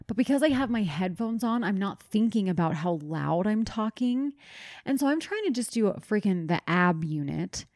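A woman's voice: medium pitch, expressive, moderate pace, a little mellow. A young woman co-hosting a chatty podcast, telling a story with lots of energy and casual swearing. Her voice sits in a middle range and the sound is close and dry, with no room echo. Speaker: podcast co-host. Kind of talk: casual chat.

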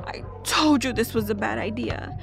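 A woman's voice: fairly high pitch, normal speed, vocal fry. Eager suitor, played by a woman narrator, light and raised, over faint music. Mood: defensive. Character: grown man proposing, eager then defensive.

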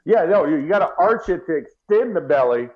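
Man, casual storytelling, former football player, acts out his reactions, slightly high voice, muffled lo-fi audio. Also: lively intonation, a little fast.

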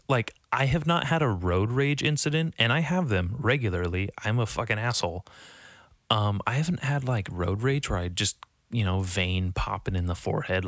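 A young man talking casually to the camera in a rambling, profane, self-mocking way, jumping from topic to topic and now and then mocking panicked voices in a high squeak. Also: no echo. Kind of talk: casual vlog monologue.

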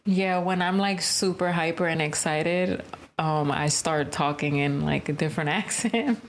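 Teasing young woman, lowish voice. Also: measured pace, noisy background. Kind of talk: casual chat.

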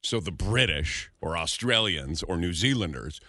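A male radio host whose pitch leaps and swoops when he gets worked up. He talks in excited, exaggerated disbelief. The sound is close and dry, with no room around it. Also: moderate pace, dry recording. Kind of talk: casual morning show banter.

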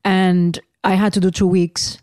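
A woman hosting a casual chat, telling stories with animated emphasis and laughter. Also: lowish voice, unhurried, dry recording, clean studio sound.

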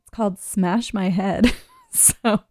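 A woman's voice: mid-range voice, steady tone, takes it slowly, a little mellow, a little hiss or hum. A woman hosting a live radio show in casual chat, rambling and laughing often as she talks. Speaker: radio host.

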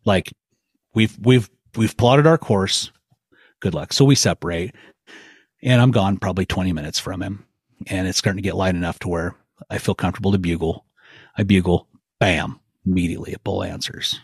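Husky, low-voiced middle-aged man. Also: moderate pace, dry recording, clean studio sound. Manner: folksy, animated storytelling with acted-out quotes. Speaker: guest elk hunter. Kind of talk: casual hunting story.

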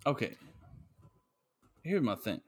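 A man co-hosting a casual chat, animated and profane, acting out little scenes. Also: medium pitch, slow pace, dry recording.

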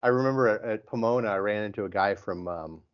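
Low-voiced guy chatting about old days, acts out quotes, bit dull lo-fi sound. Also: quick pace. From American Midwest. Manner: animated storyteller, acts out quotes. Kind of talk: casual chat.

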